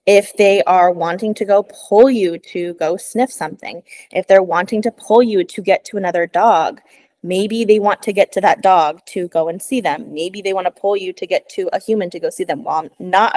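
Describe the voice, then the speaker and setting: A young woman, a dog trainer co-hosting a podcast, talking casually with lots of fillers and acted-out quotes. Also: medium pitch. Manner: chatty, animated quoted voices, frequent "like" and "um".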